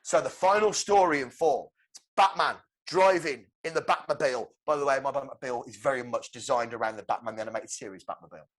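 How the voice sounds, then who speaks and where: A man co-hosting a podcast, excitedly pitching a film plot with swearing and shouted sound effects. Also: fast talker. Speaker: podcast co-host. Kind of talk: animated movie-pitch storytelling.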